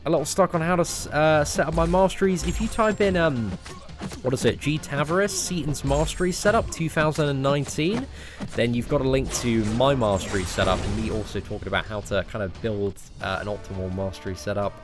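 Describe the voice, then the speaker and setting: A young English man talking through a game live stream in a loose, chatty way. He jokes at his own expense and fills his talk with "mate" and "like". Faint music plays quietly behind him. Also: medium pitch, a little fast. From England. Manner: chatty, self-mocking, lots of "like" and "mate". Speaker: gaming streamer. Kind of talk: casual live-stream chat answering viewers.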